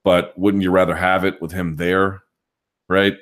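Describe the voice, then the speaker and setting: Low-voiced man hosting a live chat. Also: level tone, a little slow, fairly bright tone. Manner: thinking aloud, frequent restarts and hedging. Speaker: podcast host answering live chat. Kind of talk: casual live chat commentary.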